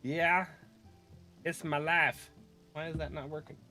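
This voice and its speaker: A man chatting casually with viewers while streaming a game, laughing often and clearing his throat. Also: a little high, level tone, a little slow, bright, forceful tone, soft background music. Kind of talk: casual live-stream chat.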